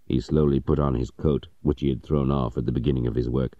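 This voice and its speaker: A man narrating a story audiobook in a measured, even storytelling manner. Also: a bass voice, dry recording, highs cut off.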